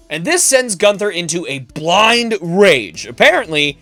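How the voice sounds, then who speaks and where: A male podcast host narrating a wrestling storyline in an animated, emphatic way. His somewhat high voice rises and falls a lot, with faint music playing underneath. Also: a little slow, hardly any pauses, dry recording.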